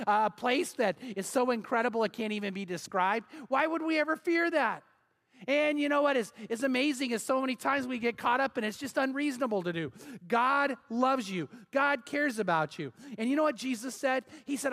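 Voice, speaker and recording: A man's voice: very high-pitched, fairly bright tone. A middle-aged male pastor preaching a sermon in an earnest, emphatic way, building with repeated phrases.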